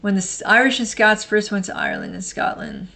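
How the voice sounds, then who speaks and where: Casting note: woman in her thirties, streamer, mid-pitched, loose rambling chat, laughs a lot, swears freely. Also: huge pitch swings, brisk, gravelly, pushed and bright. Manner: rambling, laughs often, blunt and profane. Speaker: livestream host. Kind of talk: casual chat, reading and answering viewer comments.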